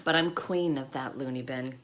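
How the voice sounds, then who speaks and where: A woman's voice: a bass voice, normal speed. A woman hosting a live makeup stream, chatty and emotional, talking to her viewers by name. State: tearful at times. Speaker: makeup livestream host. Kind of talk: casual live makeup chat.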